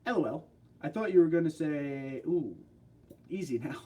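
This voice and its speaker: A man from New York hosts a livestream, chatting and joking as he reads out viewer comments. His New York accent runs through his speech, and his voice sits a touch higher than most men's. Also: expressive, normal speed, mellow. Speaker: livestream host. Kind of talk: casual livestream chat, reading comments.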